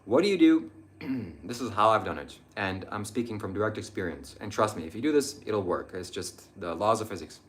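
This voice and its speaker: A man's voice: fairly low pitch, fairly quick, a bit bright. A young man hosting a live stream, answering viewer chat about spirituality in an earnest, meandering way with frequent hesitations.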